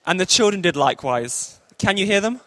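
Playful male storyteller for a church kids' story, high animated voice, dry sound. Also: a little fast, dry recording. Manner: playful, jokey asides. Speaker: children's story teller in church. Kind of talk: lively read-aloud storytelling.

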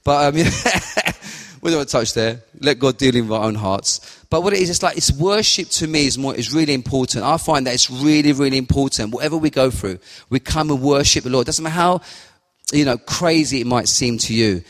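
A man's voice: mid-range voice, brisk, fairly bright tone. A middle-aged man giving an informal, rambling sermon, acting out his prayers aloud. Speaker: preacher. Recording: long hall reverb.

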